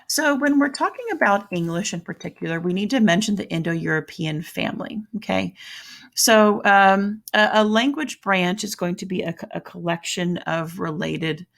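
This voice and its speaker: A woman's voice: mid-range voice, moderate pace, creaky, a bit bright. A woman with a Southern US accent teaching a recorded lesson in a chatty way, often stopping to correct herself. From American South. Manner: chatty, self-correcting explanations.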